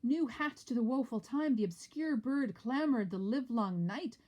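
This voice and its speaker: A woman acting out a nobleman telling of a wild, ominous night, earnest and dramatic. The voice sits raised and fairly loud. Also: a little high, normal speed, voice pushed up, close to an everyday voice. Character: nobleman recounting a stormy night.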